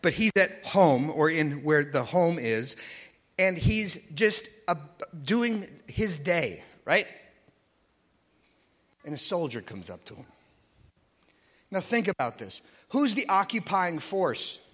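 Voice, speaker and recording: A man's voice: on the high side, sing-song, takes it slowly, long pauses, a bit bright, big-room sound. A man giving a casual Bible teaching, chatty and joking, often checking in with "okay?" and "right?".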